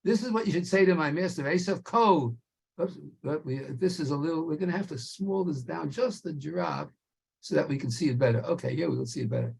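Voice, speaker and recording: A man teaching a Torah class, explaining slowly and stretching key words for emphasis. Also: on the high side, vocal fry, darkish tone, slightly rough.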